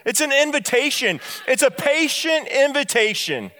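A man, a pastor, preaching a sermon in church, stressing lines slowly and dropping soft and low on key phrases, then speeding up as he tells a story. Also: big pitch swings, in a large hall. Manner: bursts of quick storytelling between slow, stressed lines.

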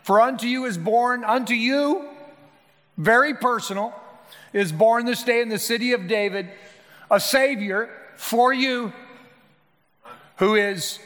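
High-voiced pastor preaching in a reverberant hall. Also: male voice, measured pace, long pauses, fairly bright tone. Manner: earnest, rising to emphatic appeals. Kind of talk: sermon. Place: church sanctuary. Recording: long reverb of a church hall.

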